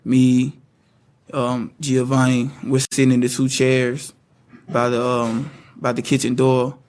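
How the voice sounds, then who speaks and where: A young man giving a first-person account of events, halting and repeating his words. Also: medium pitch, level tone, darkish tone, a little hiss or hum. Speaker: witness recounting events.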